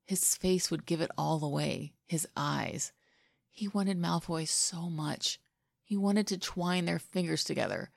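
A woman narrating a fan fiction story aloud in an even, intimate storytelling way. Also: lowish voice, a little slow, gravelly, no room sound, studio quality. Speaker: podfic reader.

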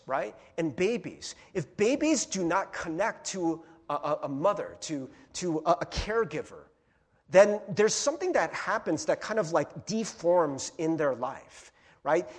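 Lively, husky-voiced man preaching casually. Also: high-pitched. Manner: casual, chatty preaching with many "right?" asides and playful impressions. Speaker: pastor. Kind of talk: sermon.

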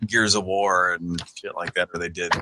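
A man's voice: sits low, level tone, moderate pace, noisy background. A man hosting a podcast in loose, profane chat, laughing often and swearing casually. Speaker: podcast host.

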